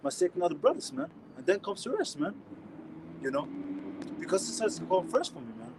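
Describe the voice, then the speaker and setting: A man with a German accent teaching scripture in a casual, slangy way, restarting often and reading verses out louder. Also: a little high, huge pitch swings, a little fast, noisy background. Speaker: street preacher.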